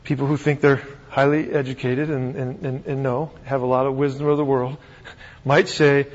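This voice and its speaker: A man's voice: medium pitch, level tone, normal speed. A man preaching a sermon to a live audience in a conversational way, asking rhetorical questions and often restarting his sentences. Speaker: pastor. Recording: dull recording in a reverberant hall.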